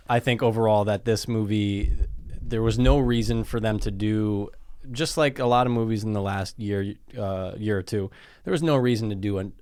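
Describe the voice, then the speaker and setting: A man co-hosting a casual movie review chat, speaking very softly with a slightly rough throat, blunt and dismissive. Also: fairly low pitch. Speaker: podcast co-host.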